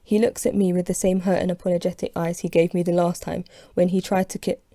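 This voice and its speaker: A woman's voice: on the low side, flat delivery, fast talker, warm tone, dry recording, studio quality. A woman reading her own novel aloud as an audiobook, telling it in the first person with expression. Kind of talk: audiobook narration.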